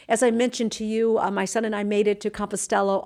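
A middle-aged woman hosting a devotional talk, speaking earnestly with slow, emphatic phrases and dropping to a soft, hushed tone in reflective moments. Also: mid-range voice, level tone. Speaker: Christian host and speaker.

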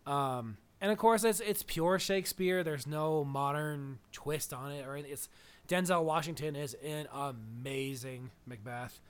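A man's voice: on the high side, measured pace, smooth. A man co-hosting a podcast, chatting casually about films in a rambling, digressive way and laughing often. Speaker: podcast co-host. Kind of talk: casual film chat.

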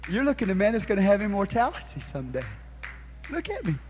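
A male pastor preaching a sermon, calling on the congregation to answer back and building to shouts. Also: high-pitched, huge pitch swings, fast, a little hiss or hum. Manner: preaching with call-and-response, rising to shouts. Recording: live church sermon recording.

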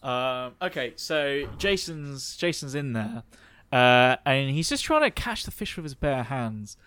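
A man's voice: medium pitch, very animated, a little slow, a bit bright, clear, resonant tone, no room sound. Game master, man, mid-range voice, giggly playful narration.

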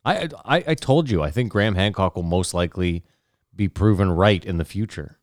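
A man's voice: low voice, expressive, moderate pace, dry recording, clean studio sound. A man hosting a podcast, blunt and profane, teasing his co-hosts in casual chat. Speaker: podcast host and editor.

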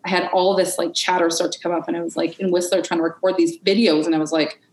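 A woman as a podcast guest in an unscripted conversation, candid and expressive, swearing freely and acting out her inner voices. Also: lowish voice, fast, reverberant, a little hiss or hum, rough recording.

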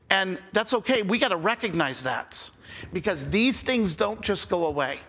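A man's voice: high voice, animated, normal speed, pushed and bright, in a large hall. A man preaching a sermon as pastor, talking conversationally, repeating key phrases and checking in with "okay?".

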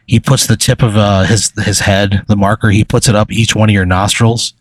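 A man's voice: on the low side, flat delivery, moderate pace, dry recording. A man running an improvised story game as game master, rambling with many fillers and chuckles.

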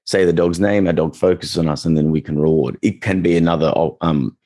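Low-voiced chatty male dog trainer. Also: brisk. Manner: relaxed, chatty, acts out quoted reactions. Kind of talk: casual podcast chat.

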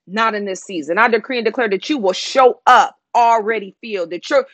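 A woman preaches with emphatic, repeating declarations. Her voice sits at a middling pitch. The sound is dry, with no room echo. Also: a bit bright. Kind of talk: sermon.

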